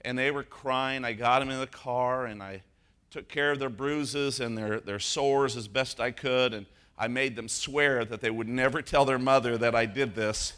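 Bright-voiced preaching pastor. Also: male voice, mid-range voice, steady tone, clean tone. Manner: storytelling, then emphatic preaching with slowed stressed words. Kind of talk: sermon.

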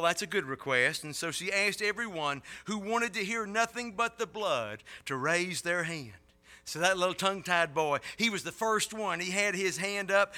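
Forceful, bright-voiced preacher, rising and falling. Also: male voice. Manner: builds to loud impassioned peaks, then drops low. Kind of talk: sermon.

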